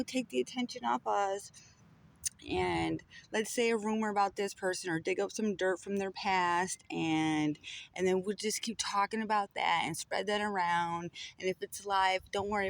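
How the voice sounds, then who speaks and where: A man's voice: high voice, gravelly, a bit bright. A man delivering a heated personal rant to the camera, repeating phrases for emphasis.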